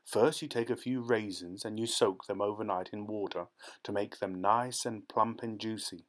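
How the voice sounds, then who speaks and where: A man's voice: lowish voice, fairly even intonation, moderate pace, natural voice. A man voicing a sly middle-aged male country poacher who talks in an eager, conspiratorial way, in a storybook reading. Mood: confiding.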